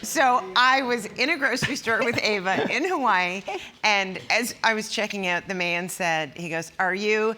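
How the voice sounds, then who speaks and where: A middle-aged woman, a guest comedian, chatting on a talk show and acting out the people in her stories. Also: moderate pace. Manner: animated storyteller, acts out quotes with big pitch jumps. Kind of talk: casual talk show chat. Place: television studio with audience.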